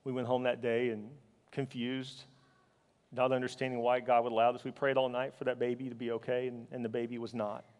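In this sermon, a male pastor tells stories with raw emotion, swelling to loud, fervent peaks and then sinking into hushed, halting words. His pitch sits at an ordinary middle level and his tone is described as level. A long reverb makes it sound like a large church hall.

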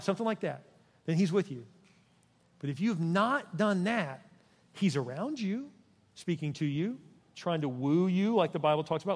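High-voiced older pastor preaching. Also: male voice. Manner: emphatic, repeats lines with the congregation, softens for prayer. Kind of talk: sermon. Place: large church sanctuary. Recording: long reverb of a large church hall.

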